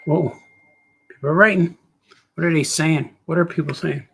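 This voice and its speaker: A man's voice: fairly high pitch, steady tone, normal speed, creaky, husky. A middle-aged man, a cartoonist, chatting casually on a live stream while he draws, muttering to himself, trailing off and talking to his viewers. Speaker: cartoonist livestreaming while drawing.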